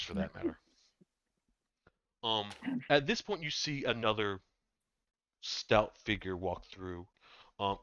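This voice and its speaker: A man narrating as game master of a tabletop game, halting with many ums and restarts, in dull, dry lo-fi audio. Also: fairly low pitch, sharp tone, clean tone, no room sound.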